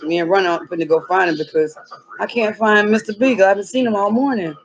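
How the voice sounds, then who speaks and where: A woman vlogging outdoors in the cold, talking in a dramatic, excitable, slangy way with sudden yelps. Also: mid-range voice, quick pace, highs cut off. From North Carolina. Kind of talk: playful spoof search vlog.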